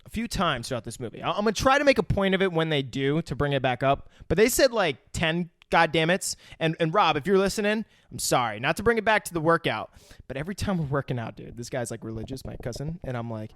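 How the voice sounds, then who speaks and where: A man's voice: on the high side, big pitch swings, fast, a bit bright, dry recording, clean studio sound. A man co-hosting a film review podcast, retelling scenes in a rambling, profane, casual way. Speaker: podcast co-host.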